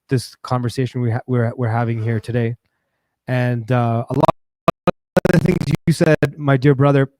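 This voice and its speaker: A man hosting his own livestream, talking in a rambling, animated way, full of fillers and restarts. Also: medium pitch, no echo, studio quality. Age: adult with a daughter. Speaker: livestream host. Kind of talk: casual livestream monologue.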